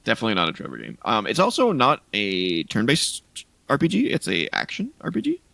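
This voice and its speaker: Podcast co-host, male, low gravelly voice, animated and rambling, dry recording. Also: a little fast, dry recording. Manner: rambling, listing game releases with restarts. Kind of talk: casual chat.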